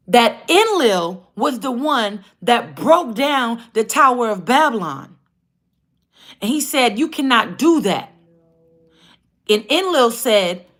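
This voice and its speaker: A woman hosting a livestream, telling a story in a casual, animated and profane way. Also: on the high side. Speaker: livestream host.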